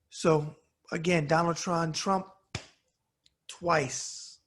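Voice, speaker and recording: Middle-aged new york guy cursing up a storm, gravelly voice pitched a bit high. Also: moderate pace, long pauses, fairly bright tone, a little hiss or hum. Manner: heated, cursing, blunt. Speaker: commentary show host. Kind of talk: angry profane rant to camera.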